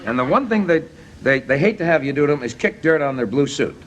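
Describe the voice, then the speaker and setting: Lively middle-aged man spinning baseball yarns. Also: fairly high pitch, fast, noisy background. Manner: animated storyteller, blunt and jokey. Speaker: talk show guest, baseball manager. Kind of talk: casual chat and anecdote.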